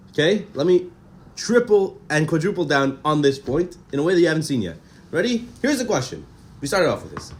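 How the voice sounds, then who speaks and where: A man giving a Torah class with a lively, swooping voice that sits a little high for a man. He reads out Hebrew texts, explains them in an animated way, stumbles over repeated words and throws questions at his listeners. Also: brisk. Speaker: Torah teacher.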